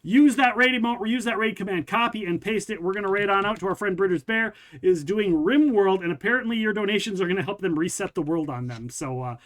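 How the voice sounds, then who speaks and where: A man with a notably high voice hosts a livestream. He is upbeat and promotional, talking directly to his viewers. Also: fairly quick, few pauses, a bit bright. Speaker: podcast and stream host. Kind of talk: casual livestream chat.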